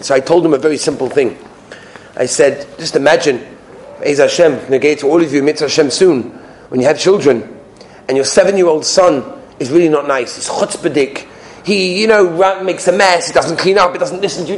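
A man teaching a Torah class, sprinkling in Hebrew and Yiddish terms and swinging between loud exclamations and hushed asides. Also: fairly high pitch, normal speed. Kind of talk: Torah lecture.

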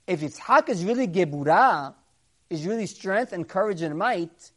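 A man teaching a Torah class to a live group, telling stories animatedly. He acts out the characters in a louder, higher voice, drops to quiet, low asides when explaining, and draws out key words slowly for emphasis. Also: lively intonation.

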